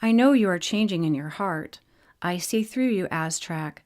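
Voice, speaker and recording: A woman's voice: on the low side, animated, normal speed, lightly acted. A woman voicing a kind, teasing female healing fairy in a storybook reading. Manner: gentle and teasing.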